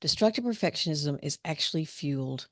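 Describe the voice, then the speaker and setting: Casting: middle-aged woman psychologist, low gravelly voice, chatty storyteller. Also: animated, a little fast, a bit bright, no echo, clean studio sound. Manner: conversational, storytelling with restarts. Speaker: psychologist leading a discussion. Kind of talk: informal talk to students.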